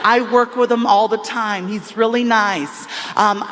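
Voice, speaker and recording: A man's voice: high voice, steady tone, a little slow, big-room sound, noisy background. A man voicing a friendly woman who offers to make an introduction, in a polite, casual way.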